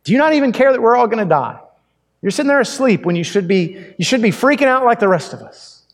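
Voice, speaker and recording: A man's voice: very high voice, very animated, fast, voice pushed up. A man voicing panicked disciples in a sinking boat, frantic and accusing. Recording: long hall reverb.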